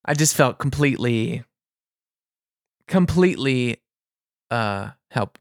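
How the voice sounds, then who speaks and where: A man telling a casual anecdote in an animated, exasperated way, with vivid asides. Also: medium pitch, normal speed, no echo, studio quality. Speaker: storyteller.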